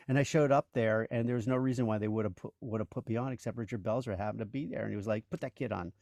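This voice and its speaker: A man's voice: medium pitch, fairly even intonation, rapid-fire, darkish tone, no echo, clean studio sound. A man in his sixties, a voice actor and comedian, telling stories as a guest in a casual interview, rambling with many "you know"s and restarts.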